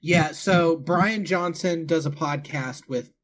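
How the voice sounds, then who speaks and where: A man's voice: a little high, takes it slowly. A man co-hosting a podcast in casual chat, sharing trivia in a storytelling, sweary way. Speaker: podcast co-host.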